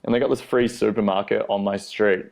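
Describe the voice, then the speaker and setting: A young Australian man with a lowish voice and a gravelly edge, talking as a guest on an interview show. He tells his stories loosely and casually and swears a lot, chuckling along the way. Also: fairly even intonation, brisk, darkish tone. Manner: laid-back, swears freely, laughs through stories. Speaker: guest skateboarder. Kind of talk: casual storytelling.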